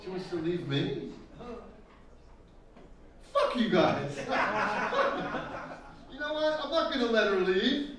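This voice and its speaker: High-voiced man doing crude stand-up. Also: expressive, slow pace, long pauses. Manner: crude, teasing crowd work, laughs at own jokes. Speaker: stand-up comedian. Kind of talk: live stand-up comedy. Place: live event stage with audience. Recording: echoey hall taken from a distance with music.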